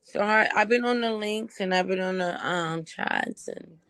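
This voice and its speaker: Hoarse, gravelly woman speaking frankly. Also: mid-range voice, moderate pace, fairly bright tone. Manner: frank, earnest. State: hoarse, voice strained from screaming. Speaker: caller on a sobriety call. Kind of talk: candid personal sharing.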